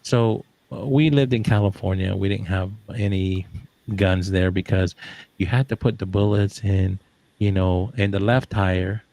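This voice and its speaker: Middle-aged guy, low gravelly voice, rambling joking story, dry close sound. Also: darkish tone, no echo. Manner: rambling, joking, trails off with fillers. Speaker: social audio room participant. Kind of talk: casual storytelling chat.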